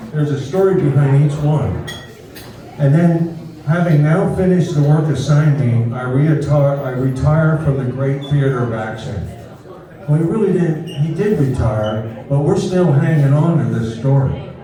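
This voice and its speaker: Folksy man speaking in an echoey hall. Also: a little high. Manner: folksy, leads the crowd in call and response. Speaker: speaker at a historical birthday celebration. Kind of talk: informal public talk to an audience. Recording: distant, very echoey room.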